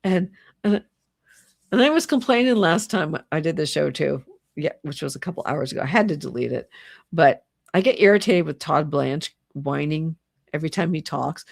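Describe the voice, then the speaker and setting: This livestream host is a middle-aged woman with a low, creaky, animated voice at normal speed. At home near a crackling fire, she delivers an exasperated, casual political rant, often laughing and mocking people with put-on voices. The studio-quality audio has no echo.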